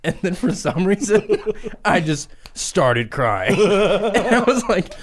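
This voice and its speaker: A man with a somewhat high, lively voice rambling through a story. He giggles as he goes, in relaxed comedic podcast banter. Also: slow pace. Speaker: podcast co-host.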